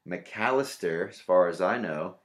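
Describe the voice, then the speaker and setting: A young man with a very low voice hosts his own podcast. He rambles through everyday stories in a loose, crude and sarcastic way, tossing off swear words and asides. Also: a little slow. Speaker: podcast host. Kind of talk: casual comedic monologue.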